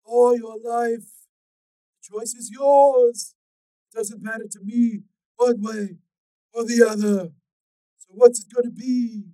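A man voicing a menacing cyborg man with glowing red eyes in an audiobook, giving slow, loud, threatening commands. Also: very high-pitched, steady tone, no room sound, voice pushed up, rough recording. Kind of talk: audiobook character voice.

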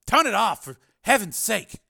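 A harried middle-aged doctor, flustered and quick to exclaim, as a male narrator puts him on. His voice is raised and lively, with a bright edge. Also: sits high, vocal fry, husky, pitched above the performer's own voice, heavily acted.

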